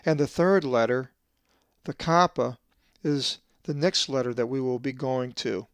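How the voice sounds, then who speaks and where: A man who translates the Bible, giving a scripted lesson on Greek pronunciation and slowly drawing out each example word. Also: mid-range voice, steady tone, smooth, dry recording. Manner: methodical, drawn-out slow stress on Greek words.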